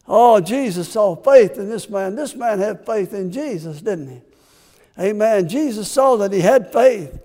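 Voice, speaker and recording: A man's voice: high-pitched, lively intonation, unhurried, dark tone. A man preaching a sermon with passion, asking his congregation rhetorical questions. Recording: long hall reverb.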